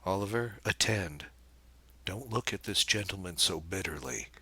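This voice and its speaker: A man reading the part of a poised young woman who speaks lightly, with a gentle mocking edge. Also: sits low, lively intonation, normal speed, breathy edge, dry recording, full character voice. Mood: cool, mocking.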